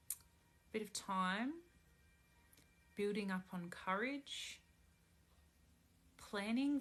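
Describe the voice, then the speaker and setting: A woman reads tarot cards on a live stream, taking her time with each phrase. Her voice is bright and clear, and she is pregnant. Her talk is slow, soothing and spiritual. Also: mid-range voice. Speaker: tarot reader. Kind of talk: live-stream card reading.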